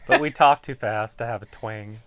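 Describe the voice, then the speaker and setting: A man's voice: lowish voice, moderate pace, a bit bright, dry recording. A man co-hosting a wrestling watch-along stream, chatting casually and making dry, offhand quips. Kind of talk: casual chat, commenting on the match.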